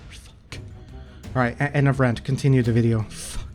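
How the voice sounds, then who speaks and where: A man's voice: medium pitch, steady tone, rapid-fire, a little mellow, soft background music. A man ranting with exasperation and heavy swearing while recording his screen, often stammering into restarts, his throat sore. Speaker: channel host.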